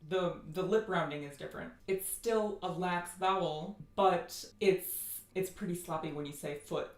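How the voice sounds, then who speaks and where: A woman's voice: lowish voice, a little slow, echoey room. An American woman giving a phonetics lecture, listing sound features and demonstrating each one. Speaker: linguistics teacher.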